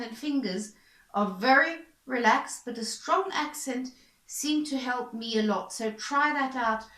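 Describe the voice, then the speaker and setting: A woman's voice: fairly high pitch, fairly bright tone, echoey room, low-quality recording. A woman violin teacher patiently explaining bowing practice, repeating points and encouraging the student. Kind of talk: instructional explanation.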